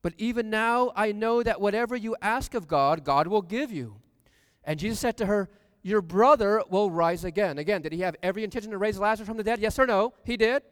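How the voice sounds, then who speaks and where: High-voiced preacher in a reverberant hall. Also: male voice, brisk. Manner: asks the congregation questions, rising to loud emphasis. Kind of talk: sermon with scripture reading.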